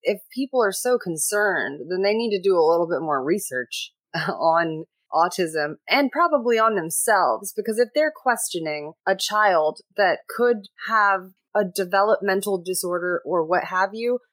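A woman hosting a parenting podcast panel, telling stories in a lively, animated way. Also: mid-range voice, measured pace, dry recording. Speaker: podcast host. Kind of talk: casual panel chat.

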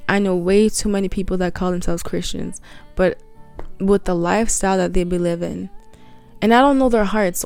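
Young woman doing a chill faith podcast, mellow voice, earnest n blunt, kinda tired, faint music behind. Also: medium pitch, normal speed. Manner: earnest and blunt, with casual slang and restarts. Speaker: podcast host. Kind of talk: casual Christian devotional podcast.

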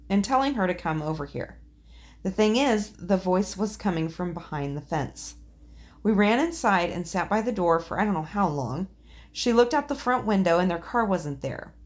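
Woman casually reading spooky stories. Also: medium pitch. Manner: swears casually, laughs often. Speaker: podcast co-host reading listener stories. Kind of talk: casual podcast chat and story reading.

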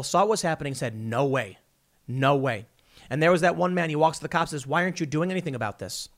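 A man giving an opinionated, combative commentary monologue with emphatic delivery. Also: on the high side. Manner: emphatic and combative, with frequent restarts. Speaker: political commentator.

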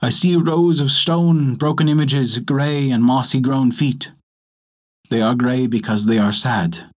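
A man voicing a gentle, wistful younger brother in a folktale, speaking quietly and slowly with wonder. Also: mid-range voice, steady tone, natural voice.

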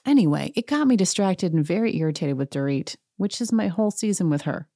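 A woman's voice: on the low side, lively intonation, mellow, dry recording, clean studio sound. A woman hosting a chatty recap show, talking casually with sarcastic asides. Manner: sarcastic, chatty, quick to mock. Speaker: podcast host recapping a reality show. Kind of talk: casual chat.

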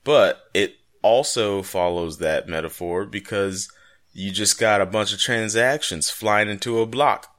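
Speaking on the low side at a measured pace, this podcast co-host has a voice with a bit of brightness. His explanations on the casual show wander, full of jokes and playful tangents.

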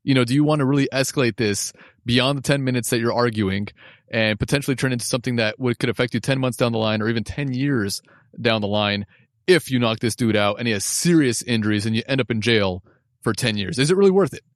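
Man, mid pitch, casual sports chat, jokey, laughs a lot, dry close sound. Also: fast, dry recording. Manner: laughs often, jokey, puts on mock voices. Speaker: podcast co-host.

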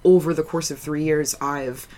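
A woman co-hosting a casual podcast chat, talking in a nonchalant, flat way and rambling with lots of "like"s. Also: sits low, moderate pace. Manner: filler-heavy, rambling with many "like"s. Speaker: podcast co-host.

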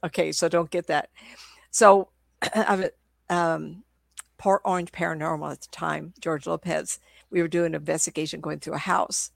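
Older lady with a sore throat, gravelly low voice, rambly chatty stories, dry sound. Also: steady tone, normal speed, dry recording. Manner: rambling, with frequent restarts. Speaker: psychic medium guest. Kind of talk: casual conversational storytelling.

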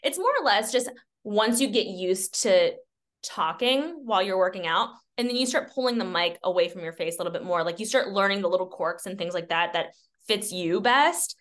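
A young woman who owns a cycling studio answers interview questions in a casual, upbeat way, laughing often and using lots of fillers. Her medium-pitched voice is animated and a bit bright, at a moderate pace.

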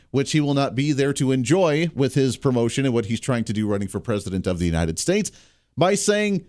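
A man hosting a radio talk show, delivering a solo monologue with sarcastic, animated banter. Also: medium pitch, dry recording, studio quality. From Kansas, US.

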